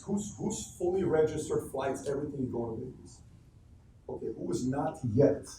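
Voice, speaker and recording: Speaking at a moderate pace in a somewhat high voice, a motivational speaker addresses his team live in an office meeting space. He's an animated, emphatic storyteller who quizzes the audience, and the far-off, echoey recording carries a faint hiss or hum.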